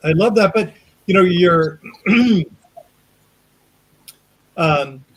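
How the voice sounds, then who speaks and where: A man's voice: high-pitched, expressive, drawn-out words, husky, poor audio. A man hosting an interview show, asking friendly, rambling questions full of fillers. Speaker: show host. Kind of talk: casual interview chat.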